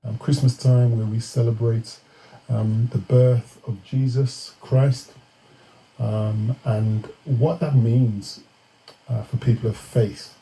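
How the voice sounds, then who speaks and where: A man's voice: medium pitch, steady tone, takes it slowly, warm tone, rough recording. A man talking about faith on the radio in a reflective, hesitant way with many ums.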